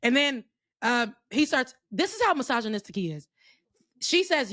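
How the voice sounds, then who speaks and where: A woman co-hosting a podcast, telling stories excitedly and with emphasis. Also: high voice, moderate pace, no echo, studio quality. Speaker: podcast co-host. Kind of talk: casual chat.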